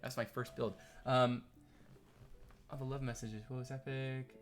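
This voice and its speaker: Soft music plays behind a man with a medium pitch and level tone who speaks at a measured pace. Streaming live, he muses aloud about what he's building and chats back to his audience in a loose, rambling manner.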